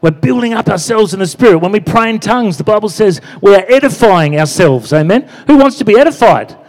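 A man's voice: sits high, animated, a little fast. A man preaching a sermon in a conversational way, with lots of "you know" and "amen?" asides. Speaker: pastor. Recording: long hall reverb.

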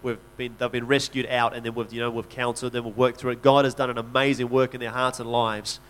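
Earnest man with a flat delivery. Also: mid-range voice, quick pace. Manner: earnest, conversational, frequent restarts. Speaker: missionary speaker. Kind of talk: church talk, personal storytelling.

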